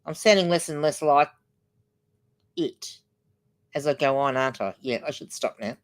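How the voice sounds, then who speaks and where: A woman's voice: low-pitched, moderate pace. An older woman hosting a casual livestream, chatty and rambling as she reads out viewer comments. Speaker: livestream host.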